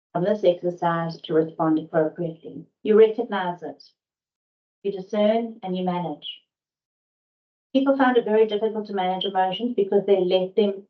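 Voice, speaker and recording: A middle-aged woman trainer speaks candidly to a sales audience in a mid-range voice. She keeps asking rhetorical questions. The recording sounds dull and lo-fi. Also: mid-range voice. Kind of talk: training session talk.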